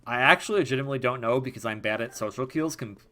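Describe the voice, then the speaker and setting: A young gaming video host gives casual let's-play commentary, rambling and self-deprecating, often restarting sentences and laughing. His medium-pitched voice is very fast, pushed and bright.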